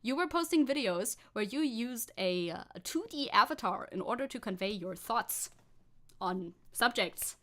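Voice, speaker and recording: A woman's voice: a little high, lively intonation, normal speed, bright, forceful tone. A woman VTuber streamer chatting casually with a giggly, sarcastic manner while reacting to a clip.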